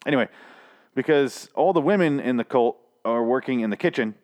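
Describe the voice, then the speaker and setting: A man's voice: mid-range voice, animated, brisk, a little mellow. A man hosting a review podcast, talking casually in a rambling, profane way with many fillers and restarts. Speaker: podcast host reviewing a TV series. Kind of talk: casual chat.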